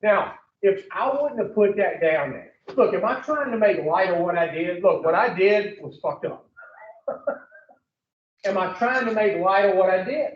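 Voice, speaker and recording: A man's voice: high-pitched, expressive, unhurried, reverberant, recorded from a distance, muffled recording. A man giving a blunt, profane recovery talk to a group, telling his story and putting questions to the room. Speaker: recovery speaker.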